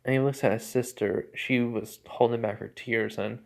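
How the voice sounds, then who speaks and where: A man's voice: medium pitch, steady tone, normal speed, vocal fry, a little mellow. A man casually retelling a fan story, rambling and often correcting himself mid-sentence with lots of filler words.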